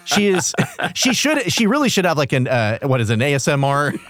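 Lively, animated man chatting. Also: on the high side, a little fast. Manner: animated, laughs often. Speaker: podcast co-host. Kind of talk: casual chat.

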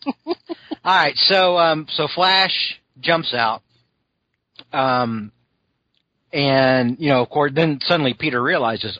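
A man hosting a podcast, chatting casually with many fillers and restarts and clearing a scratchy throat. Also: fairly high pitch, slow, pauses often, bright, forceful tone, dry recording, highs cut off. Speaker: podcast host reviewing a cartoon. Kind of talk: casual chat.

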